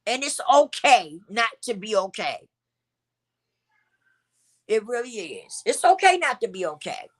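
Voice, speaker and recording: A woman's voice: on the high side, big pitch swings, unhurried, long pauses. A middle-aged woman, hosting her own vlog and talking candidly and emotionally, often repeating phrases for emphasis. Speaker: channel host. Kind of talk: heartfelt personal vlog talk.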